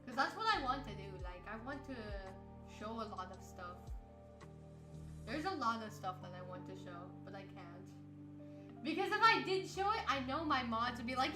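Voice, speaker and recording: Tired, rambling high-voiced woman streamer. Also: expressive, normal speed. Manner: rambling, laughs often, playful outbursts. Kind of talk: casual chat with chat readers. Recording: roomy sound with music behind.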